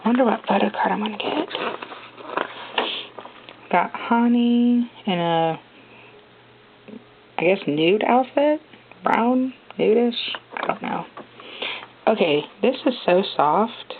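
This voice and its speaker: A young woman unboxing a gift on a handheld phone, chatty and excitable with little gasps. She talks slowly in a lowish voice. The audio is tinny and phone-like, with clear noise behind her. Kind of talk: casual unboxing vlog. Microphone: handheld phone camera.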